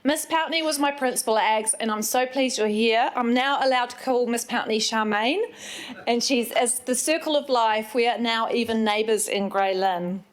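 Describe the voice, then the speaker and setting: A woman's voice: on the high side, moderate pace. A woman, giving an earnest, at times emotional speech as a newly elected city councillor. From England. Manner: emotional, tearful at moments, earnest.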